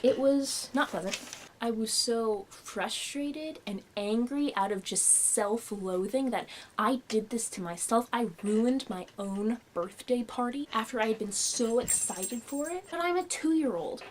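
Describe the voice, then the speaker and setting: Animated young woman telling a story. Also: on the high side, moderate pace, a little hiss or hum. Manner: animated, expressive storytelling with acted quotes. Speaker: vlogger. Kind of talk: personal storytelling vlog. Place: home room.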